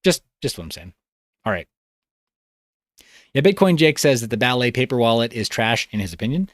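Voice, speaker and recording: A man's voice: mid-range voice, expressive, brisk, dry recording, studio quality. A man hosting a livestream, reading comments in a loose, rambling way with a tired voice. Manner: rambling, loose, self-interrupting. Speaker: livestream host.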